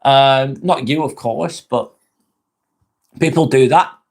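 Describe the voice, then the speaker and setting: A man's voice: mid-range voice, takes it slowly. A man with an English accent hosting a casual live stream, reading out chat comments, chatty, swearing casually and laughing often.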